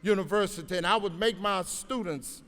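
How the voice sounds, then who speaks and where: A man's voice: high-pitched, normal speed, fairly bright tone. A man in his sixties, an educator giving a motivational graduation speech with folksy storytelling, exhorting the crowd. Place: large auditorium. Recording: reverberant hall.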